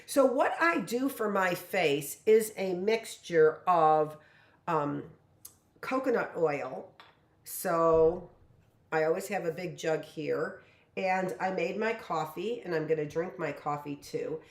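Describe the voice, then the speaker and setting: A woman in her late fifties teaches a casual live-stream lesson from her home kitchen, rambling and chatty with lots of "you know." Her voice is on the low side and unhurried, in an echoey room.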